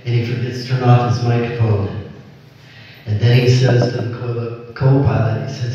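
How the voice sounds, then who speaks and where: A man telling jokes in a slow, drawling way, reading some from notes at a live show. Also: medium pitch, level tone, dark tone. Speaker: amateur comedian telling jokes. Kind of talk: stand-up joke telling. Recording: echoey hall, far from mic, dull sound.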